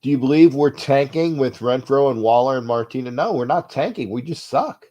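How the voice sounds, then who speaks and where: A man with a stuffed-up nose hosts a sports talk show, rambling along at a middling pitch. He trails off into low mutters, restarts his sentences, and then gets loud. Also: fairly quick. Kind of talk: uncensored fan rant show.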